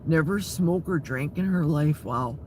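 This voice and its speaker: A man's voice: on the high side, a little slow, a little mellow, slight background noise. A man in his sixties from Wisconsin, hosting a live chat and reading viewer comments aloud. He talks straight to his viewers and laughs often. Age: 60s. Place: outdoors in a forest.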